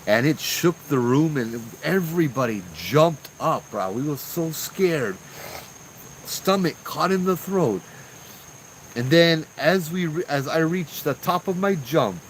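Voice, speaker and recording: Easygoing guy telling ghost stories outside, crickets buzzing loud behind him. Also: mid-range voice, slight background noise, poor audio. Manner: chatty, relaxed, talks to chat. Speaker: storyteller host. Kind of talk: casual live storytelling. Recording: outdoor ambience with crickets and insects.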